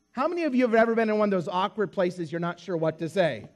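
A man's voice: high-pitched, fast talker, hardly any pauses. A man preaching a sermon, telling a story with acted-out dialogue. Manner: animated storyteller acting out dialogue.

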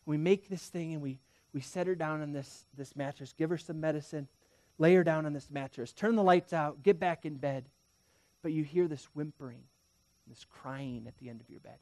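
This pastor, a man in his thirties, preaches at a moderate pace in a slightly high voice, addressing the congregation directly and weaving in stories. He alternates forceful, loud moments with hushed, near-whispered ones, and the audio carries no room sound.

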